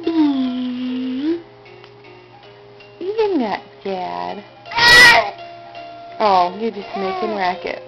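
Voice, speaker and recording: A woman's voice: sits high, extremely slow, long pauses, highs cut off, over loud music. A mother talking to her baby in a home video, with coaxing, sing-song baby talk.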